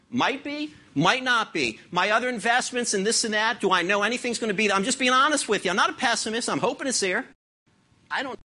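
A middle-aged pastor with a mid-range voice preaches a sermon, putting rhetorical questions to the congregation. He swings between loud declarations and quiet asides.

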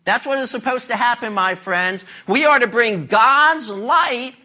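A man's voice: very high voice, measured pace, bright, forceful tone. A man preaching a sermon, emphatic and questioning the congregation directly. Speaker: pastor.

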